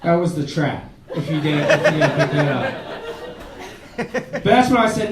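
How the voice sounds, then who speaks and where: High-voiced man doing stand-up in an echoey club. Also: big pitch swings, moderate pace, far from the mic, over a noisy crowd. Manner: conversational, self-mocking storytelling with quoted voices. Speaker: stand-up comedian. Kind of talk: stand-up comedy set. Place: comedy club stage.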